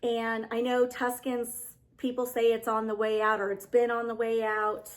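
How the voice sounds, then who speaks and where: Woman decor vlogger, slightly high voice, gushing, heartfelt casual chat to camera. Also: level tone, moderate pace. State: getting emotional. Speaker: home decor YouTuber. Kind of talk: casual vlog chat to viewers.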